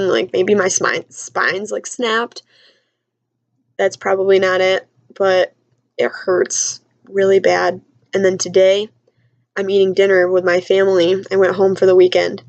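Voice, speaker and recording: A woman's voice: mid-range voice, flat delivery, normal speed, darkish tone, dry recording, lo-fi sound. Dry-sounding young woman telling a story. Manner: chatty and self-mocking, lots of "like". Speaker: vlogger. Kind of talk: casual storytelling vlog. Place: basement at home.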